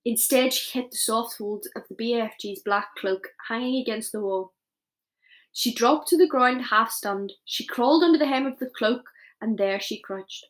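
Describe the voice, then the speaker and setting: A woman teacher reading a children's novel aloud, expressive, with small slips as she goes. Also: on the high side, normal speed.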